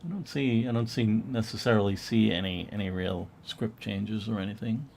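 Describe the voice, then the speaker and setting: A man co-hosting a casual online chat about comic book art, chatty and quick to laugh, now and then reading captions aloud in mock voices. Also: fairly low pitch, gravelly, darkish tone, a little hiss or hum. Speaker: museum co-host.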